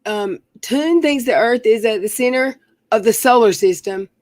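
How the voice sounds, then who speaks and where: A woman's voice: on the high side, moderate pace, a little mellow, dry recording. Chatty woman hosting a stream. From North Carolina. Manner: chatty, rambling with fillers. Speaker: stream host. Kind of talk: casual live-stream chat.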